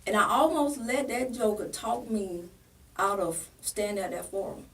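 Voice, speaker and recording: A woman's voice: mid-range voice, lively intonation, moderate pace, recorded from a distance. A woman pastor and political candidate, telling a painful personal story in an interview in a plain-spoken, earnest way. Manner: plain-spoken, earnest, acts out remembered dialogue.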